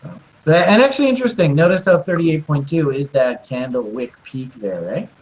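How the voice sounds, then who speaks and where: A man's voice: mid-range voice, animated, measured pace, a little mellow. Chatty man on a muffled call. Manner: chatty, hedging, jumps between points. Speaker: co-host crypto trading commentator. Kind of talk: casual chart analysis talk.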